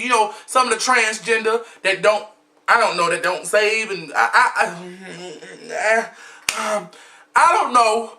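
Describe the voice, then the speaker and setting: A man's voice: high-pitched, bright, forceful tone. A man giving a sassy, flamboyant, blunt gossip commentary as a vlogger, recording himself at home. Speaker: vlogger recapping a reality show. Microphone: camera mic, self-recorded.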